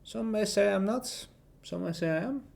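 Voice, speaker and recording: A man streamer and hobby voice actor giving a casual spoken self-introduction, with halting, loosely strung phrasing. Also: high voice, gravelly, a little mellow.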